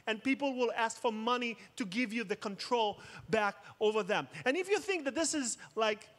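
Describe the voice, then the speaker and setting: High-voiced man telling jokes on stage. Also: animated, normal speed, fairly bright tone. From Israel. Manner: jokey, dramatic storytelling. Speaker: conference speaker. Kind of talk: keynote talk. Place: outdoor festival main stage.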